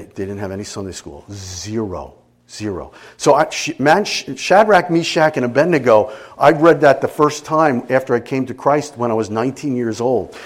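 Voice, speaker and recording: A middle-aged man preaching a sermon as a pastor, emotional and animated, dropping at times to quiet intensity. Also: a little high. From Italian family background.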